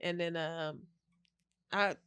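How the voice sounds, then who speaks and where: A woman in her thirties, a guest on a dating podcast, telling stories in a candid, animated way and acting out what people said. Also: fairly low pitch, slow, clean tone, no room sound, clean studio sound. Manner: animated, laughs often, acts out quotes. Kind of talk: casual chat.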